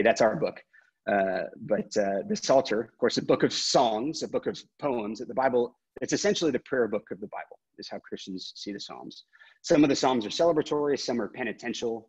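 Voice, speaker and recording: A man speaking as a pastor on a video call, earnest and halting, with many fillers, reading scripture aloud. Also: fairly low pitch, darkish tone, breathy edge. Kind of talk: interfaith panel talk on video call. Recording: dull lo-fi video call audio.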